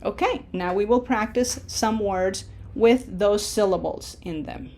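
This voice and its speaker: Woman, language teacher, slow deliberate delivery, drawn-out example words, questioning, encouraging. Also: medium pitch, darkish tone. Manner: slow, drawn-out model words between explanations; coaxing, asks the learner questions. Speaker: Spanish teacher. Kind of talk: pronunciation lesson.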